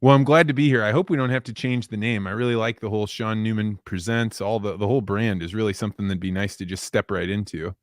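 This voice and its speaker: Playful guest host, dry close mic. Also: male voice, fairly low pitch, fairly even intonation, quick pace, few pauses, no room sound. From Midwestern United States. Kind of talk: casual podcast chat.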